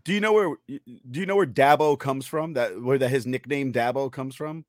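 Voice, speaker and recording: A man's voice: mid-range voice, normal speed, crowd noise. A man with a New York accent co-hosting a sports chat, explaining things in a friendly way with small stumbles. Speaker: co-host. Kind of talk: casual chat.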